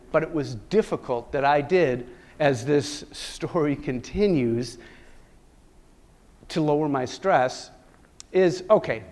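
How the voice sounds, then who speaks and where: A middle-aged man giving a keynote talk to a live audience, telling a personal story in an animated way, with sudden loud bursts and soft asides. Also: on the high side. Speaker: keynote speaker.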